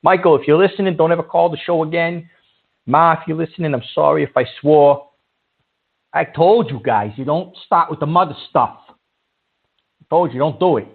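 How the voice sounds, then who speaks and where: Gravelly radio host. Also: male voice, on the high side, brisk. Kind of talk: comedic call-in radio bit. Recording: tinny phone-like sound.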